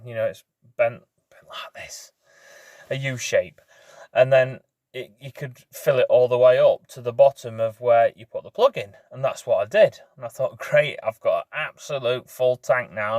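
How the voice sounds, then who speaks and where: A man's voice: medium pitch, darkish tone, no echo, clean studio sound. A man, casually rambling through a story for his vlog from inside a parked van, often voicing his own thoughts in quoted asides. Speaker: motorcycle vlogger.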